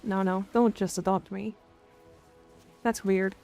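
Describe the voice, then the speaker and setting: A woman's voice: mid-range voice, steady tone, slow pace, vocal fry, dark tone, faint music behind. A woman streamer chatting playfully with her viewers in a casual live stream.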